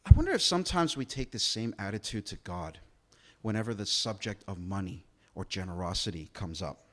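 A man's voice: on the low side, very animated, fairly quick. A male pastor preaching a sermon in a conversational way, asking rhetorical questions and acting out quotes.

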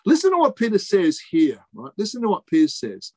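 A man preaching a sermon, emphatic, repeating key phrases and pausing for effect. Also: sits high, wildly swooping pitch, mellow, breathy edge, no room sound.

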